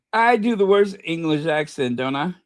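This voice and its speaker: A man's voice: on the high side, no echo, clean studio sound. A man hosting a casual livestream, rambling with many fillers and reading viewer comments aloud. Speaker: channel host.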